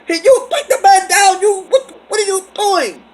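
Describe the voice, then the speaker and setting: A man's voice: very high voice, animated, normal speed, voice pushed up. A man voicing an outraged woman bystander who shrieks and repeats herself in alarm.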